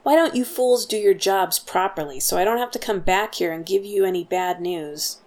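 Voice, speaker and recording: A woman's voice: medium pitch, fairly even intonation, normal speed, creaky, warm tone, close to an everyday voice. A woman voicing a young soldier impostor who talks down to guards in a commanding, cutting way. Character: young soldier impostor, bossy and sharp-tongued.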